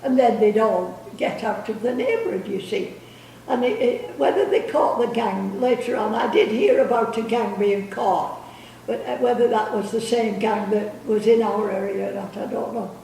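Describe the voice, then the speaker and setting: Older grandma rambling through old stories, high and gravelly, far off in an echoey room. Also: female voice, normal speed, warm tone, a little hiss or hum. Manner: rambling, repeats words, laughs through stories. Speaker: grandmother telling family stories. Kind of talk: casual storytelling. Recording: echoey room, distant mic.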